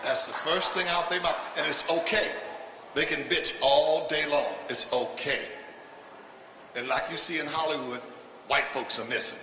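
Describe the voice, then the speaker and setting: An older man doing stand-up comedy with a provocative, punchy delivery that breaks into shouts. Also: fairly high pitch, normal speed. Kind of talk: stand-up routine. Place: live comedy stage. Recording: echoey live venue from a distance with noise.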